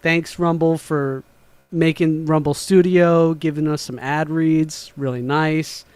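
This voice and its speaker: A man's voice: a little high, fairly even intonation, slow pace, darkish tone, smooth, no room sound. Rambling man on a home livestream. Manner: rambling, swears casually, often laughs. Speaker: livestream host. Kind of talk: casual livestream chat. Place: home room.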